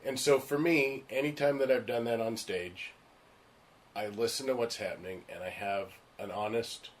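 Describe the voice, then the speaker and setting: Man, actor, casual storyteller; lively, blunt, acts out others' lines, mid-range voice. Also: mid-range voice, moderate pace. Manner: animated, acts out the voices of people in his stories; frank and emphatic. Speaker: stage and screen actor.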